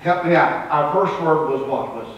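Pastor preaching in a roomy church. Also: male voice, a little high, lively intonation, moderate pace, lo-fi sound. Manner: swings between loud and soft, repeats words. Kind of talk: sermon. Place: church sanctuary. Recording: roomy live church recording from a distance.

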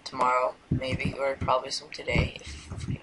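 A man's voice: medium pitch, completely flat delivery, normal speed, heavy background noise. A man giving casual let's-play commentary, rambling and hesitant, now and then dropping to a mumbled whisper. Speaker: gameplay commentator.

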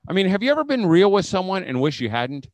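A man's voice: high-pitched, very animated, fast talker, darkish tone, no room sound. A middle-aged man giving a conversational talk to homeschool leaders, telling stories and acting out quotes. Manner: conversational storytelling, acts out quotes. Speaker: speaker at a homeschool leaders' event. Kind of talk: conference talk.

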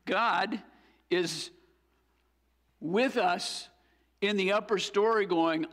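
Male pastor, sermon, unhurried delivery, earnest and fervent, echoing sanctuary. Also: high-pitched, fairly bright tone. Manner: earnest, building to fervent exhortation. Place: church sanctuary.

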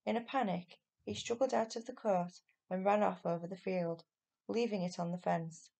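A woman teacher reading a children's novel aloud at an even pace. Her voice carries a gravelly edge, and her storytelling stays steady and clear. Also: mid-range voice, normal speed.

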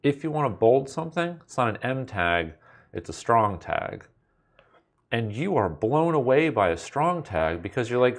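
A man's voice: lowish voice, very animated, a little slow. A man teaching a recorded coding lesson at his computer, in a playful, wry way with jokey asides to the viewer. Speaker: instructor.

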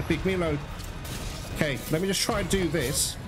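A man's voice: fairly high pitch, normal speed. A man commenting live on his own gameplay, frustrated and swearing, talking straight to his viewers. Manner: frustrated, swearing, exclaiming at the game. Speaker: gaming channel host. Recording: loud game music behind voice. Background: game music.

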